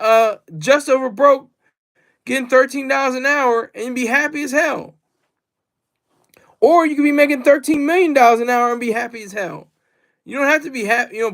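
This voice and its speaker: A man's voice: very high voice, a bit bright. A man rambling through a casual livestream monologue, repeating himself and reading out the chat. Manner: rambling and repetitive, reads chat aloud.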